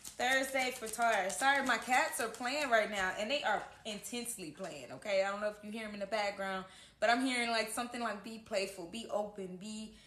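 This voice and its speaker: This tarot reader talks fairly quickly in a sharp, high-leaning voice during a casual horoscope reading. Earnest and encouraging, she keeps asking "okay?", and the home room she records in is echoey.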